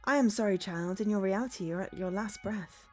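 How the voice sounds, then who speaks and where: A woman voicing a gentle, reassuring female guide in purgatory, reading game dialogue aloud in a soft, calm voice. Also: mid-range voice, quick pace, faint music behind, close to an everyday voice. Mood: soothing.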